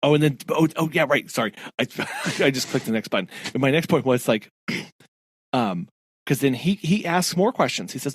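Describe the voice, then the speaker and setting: A man's voice: medium pitch, normal speed, no room sound, studio quality. A man co-hosting a podcast, chatting casually about a book and acting out character quotes. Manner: animated, acts out character quotes. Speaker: podcast co-host. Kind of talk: casual book-club chat.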